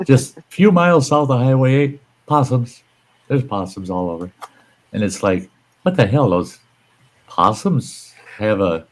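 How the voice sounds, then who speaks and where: A man with a very low voice hosts a casual live stream chat. He tells rambling, folksy stories and swears mildly now and then. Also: a little hiss or hum, rough recording. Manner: rambling, folksy storytelling with mild cursing.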